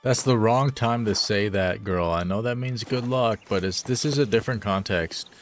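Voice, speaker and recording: A man streaming a video game live, commenting in a casual, joking way. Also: lowish voice. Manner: casual, joking, slow-talking. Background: game music.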